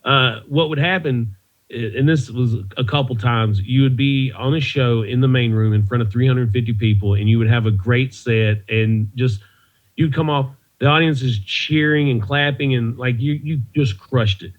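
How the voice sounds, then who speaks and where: A comedian on a podcast tells stories in a loose, rambling way, chuckling at his own tales during a casual interview. His voice is mid-range and his pace moderate. The video call audio sounds muffled.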